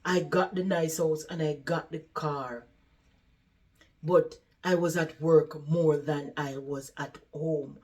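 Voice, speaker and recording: A woman's voice: deep voice, fairly even intonation, slow, a little mellow. A woman voicing a weary, regretful old woman.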